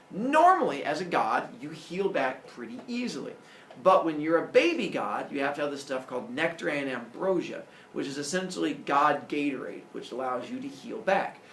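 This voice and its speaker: A man teaching a class, telling myths in a jokey, animated way. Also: a little high, slight background noise. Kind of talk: classroom lecture, storytelling. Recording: roomy echo, distant mic.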